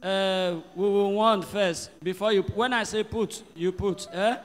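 A male pastor leading a church service, giving directions and then stirring the congregation with shouts. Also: high-pitched, fairly even intonation, a little slow, in a large hall. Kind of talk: sermon. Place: church hall.

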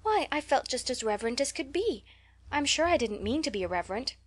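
A woman's voice: sits high, very animated, a little fast, voice pushed up. A woman reading an audiobook, voicing a talkative, dreamy eleven-year-old orphan girl who gushes in a breathless, romantic way. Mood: eager.

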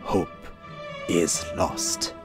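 A man voicing a gloomy, weary warrior in a mock-epic dramatic reading. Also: drawn-out words. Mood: mock-solemn. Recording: violin music behind.

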